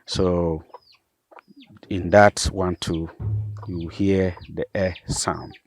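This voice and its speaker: A man, a pastor, patiently explaining vowel sounds and repeating each example word slowly. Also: low-pitched, little pitch movement, soft background music. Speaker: pastor and language teacher.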